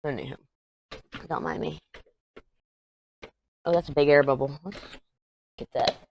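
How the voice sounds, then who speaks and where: A woman's voice: sits low, steady tone, measured pace, vocal fry, noisy background. Chatty woman telling stories. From Texas. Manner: chatty, rambling storytelling with asides. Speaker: craft vlogger. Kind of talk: casual chat while diamond painting.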